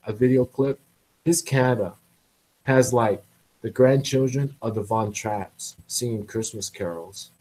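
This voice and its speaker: A man's voice: medium pitch, rough recording. A man blogging in a casual, rambling monologue, repeating himself, restarting phrases and chuckling between them.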